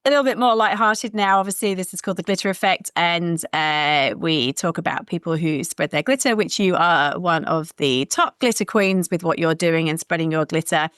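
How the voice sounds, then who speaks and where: Woman podcast host with a smooth low voice. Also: normal speed, hardly any pauses, fairly bright tone, dry recording, clean studio sound. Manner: friendly, encouraging questions with light teasing. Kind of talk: casual interview chat.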